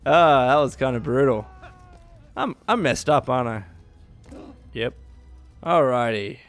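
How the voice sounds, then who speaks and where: A young man giving excitable, swearing let's play commentary, laughing often. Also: mid-range voice, slow pace, long pauses, soft background music. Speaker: gaming youtuber.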